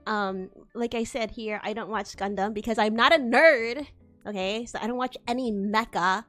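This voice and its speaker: Speaking at a normal speed, a young female VTuber with a bright, high-pitched voice tells an animated story in casual stream chat, laughing a lot and swearing freely. Soft music plays faintly beneath.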